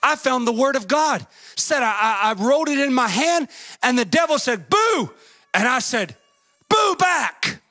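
Male preacher, very high, bright voice, fervent sermon delivery with shouted peaks and folksy storytelling. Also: expressive, moderate pace, dry recording. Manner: fervent, rising to shouts and singsong.

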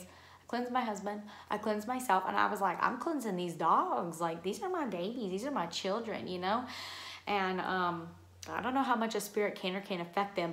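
A woman vlogger recounting her own story in a casual, meandering way. She leans on "like" and "um" as she talks. Her voice sits at an ordinary pitch, and the room around her is echoey. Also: a bit bright. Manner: rambling, heavy use of "like" and "um". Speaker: vlogger telling her own paranormal stories.

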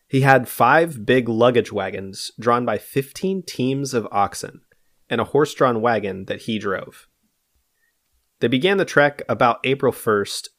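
A male podcast host who tells a history story from a script and banters casually between passages. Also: medium pitch. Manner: reads prepared narration steadily, then banters loosely. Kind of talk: scripted history narration mixed with casual chat.

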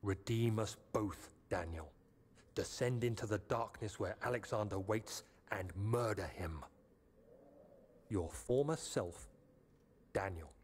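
A man's voice: on the low side, slow pace, pauses often, a little hiss or hum. An actor playing a man leaving a solemn, urgent farewell message to his future self in a horror game. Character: grave man recording a farewell to himself.

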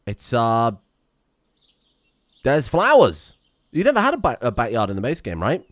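A man's voice: medium pitch, wildly swooping pitch, normal speed, no room sound, studio quality. A young man, joking and sarcastic as he streams a game. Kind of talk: let's-play commentary.

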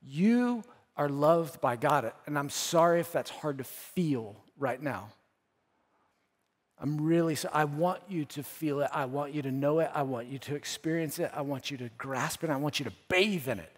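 A man preaching a sermon as pastor, earnest, repeating phrases, rising to emphatic peaks and dropping to soft, quiet lines. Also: on the high side, normal speed. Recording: church hall with long reverb.

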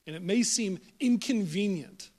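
Male pastor with a high voice, playful sermon delivery that acts out characters. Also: measured pace. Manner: animated, jokey, acts out Bible voices with laughs. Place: church service.

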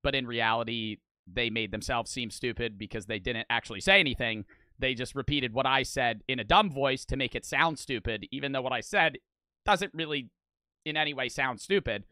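A man's voice: mid-range voice, normal speed, bright, forceful tone, dry recording, studio quality. A young man giving rambling, argumentative reaction commentary, swearing often and restarting his sentences. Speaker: online reaction streamer.

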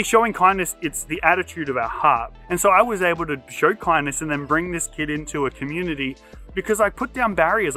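A man presenting a children's show, telling a personal story in an animated way. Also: a little high. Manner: animated, acts out remembered voices.

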